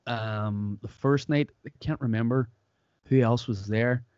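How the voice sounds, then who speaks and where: This Irish podcaster takes his time, chatting casually and animating his anecdotes by acting out what people said. He has a medium-pitched voice, with no echo but a muffled sound.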